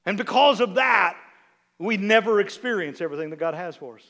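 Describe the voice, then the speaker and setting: A man preaching a sermon as a bishop, reading scripture quietly and then building to emphatic, repeated appeals to the congregation. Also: high-pitched, animated, fairly quick, gravelly.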